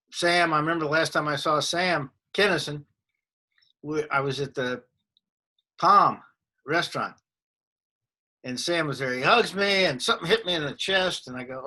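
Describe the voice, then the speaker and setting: A man in his sixties, a comedian guest telling anecdotes in an animated way in a casual interview. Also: a little high, normal speed, pauses often.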